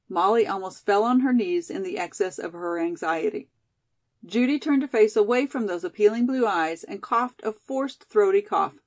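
A woman reading a novel aloud as an audiobook narrator, in a steady, even storytelling voice. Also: lowish voice, moderate pace. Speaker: audiobook reader. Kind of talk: scripted narration.

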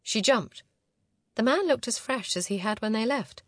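A woman narrating a science fiction novel in a steady, even storytelling manner. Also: a little high, normal speed, no room sound, studio quality. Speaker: audiobook narrator. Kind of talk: scripted narration.

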